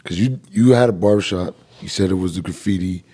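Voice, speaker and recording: A man's voice: deep voice, fairly quick, dark tone, slightly rough. A man hosting a casual podcast conversation, asking follow-up questions and chiming in with short encouraging responses. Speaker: podcast host.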